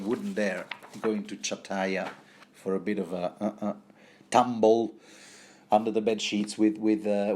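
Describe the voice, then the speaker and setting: A man's voice: fairly low pitch, mellow. A man giving a rambling, casual book commentary, full of fillers and wry asides.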